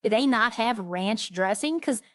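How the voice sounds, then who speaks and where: A woman's voice: fairly high pitch, expressive, a little slow, no room sound. A woman chatting casually on a roleplay stream, rambling through funny stories and imitating the people she quotes.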